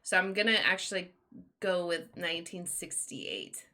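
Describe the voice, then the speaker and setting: Bright-toned woman panelist, laughing often. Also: fairly low pitch. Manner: lively, laughs often, quick back-and-forth. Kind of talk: casual panel discussion.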